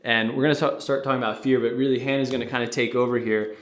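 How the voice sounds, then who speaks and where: Young guy rambling on a podcast, mid-pitched voice, roomy echoey sound. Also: flat delivery, fast talker, fairly bright tone. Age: young adult. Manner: rambling, with many fillers and restarts. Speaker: podcast founder and co-host. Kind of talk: casual podcast chat. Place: studio with a producer present.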